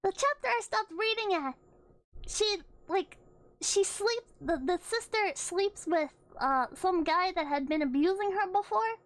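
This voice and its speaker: A woman's voice: very high voice, animated, unhurried, dry recording. A woman streamer chatting casually, rambling with frequent laughs and swearing. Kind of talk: casual chat.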